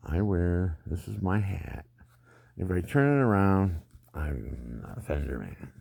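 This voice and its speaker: A man's voice: very deep voice, gravelly, dark tone, slightly rough, dry recording. An older man telling rambling personal stories in a digressive way, often laughing at his own anecdotes.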